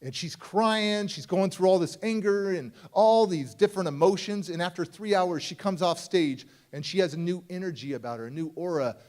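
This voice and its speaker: A middle-aged man giving a motivational keynote at a youth summit, telling his life story in a lively way and acting out his younger self. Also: high voice, moderate pace, hardly any pauses. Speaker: motivational speaker. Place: conference stage before a live audience.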